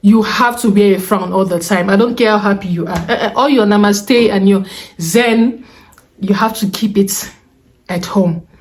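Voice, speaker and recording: A young woman with a Nigerian accent giving advice in a casual vlog from a room at home, animated and chatty with Pidgin asides. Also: medium pitch, moderate pace. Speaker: vlogger. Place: room at home with the windows closed.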